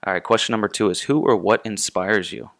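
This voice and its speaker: A man's voice: lowish voice, fairly even intonation, fairly quick, gravelly, a bit bright. Easygoing male podcast host. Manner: easygoing, friendly banter, reads ad copy. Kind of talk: casual podcast hosting.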